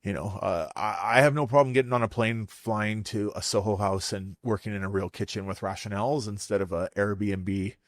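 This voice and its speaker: A man, a guest chef telling lively stories in a casual podcast chat, swearing freely. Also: fairly low pitch, no echo, clean studio sound. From Vancouver, Canada. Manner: animated, fast storyteller who swears freely.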